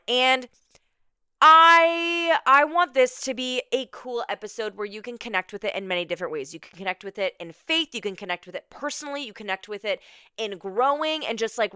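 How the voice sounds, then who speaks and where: A woman's voice: medium pitch, pushed and bright, clear, resonant tone, dry recording, clean studio sound. A young woman hosting her own podcast from an indoor room, chatting casually and gushing, with lots of "like" and "you guys". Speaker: podcast host. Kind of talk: casual solo podcast chat.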